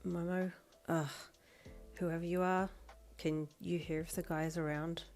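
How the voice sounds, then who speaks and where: A woman voicing a wry, body-swapped young heroine in a soft, low, half-whispered whispered role-play. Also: level tone, unhurried. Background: faint background music.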